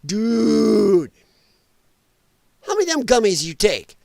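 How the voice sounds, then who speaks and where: A man's voice: high-pitched, big pitch swings, slow, creaky, darkish tone, dry recording, clean studio sound. A man hosting a live political commentary stream, reacting bluntly and profanely to clips and laughing often.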